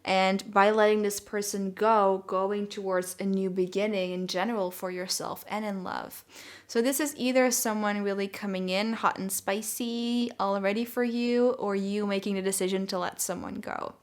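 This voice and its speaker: A young woman giving a casual tarot reading, talking in a soft, gentle and reassuring way. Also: mid-range voice, fairly even intonation, moderate pace. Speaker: tarot reader.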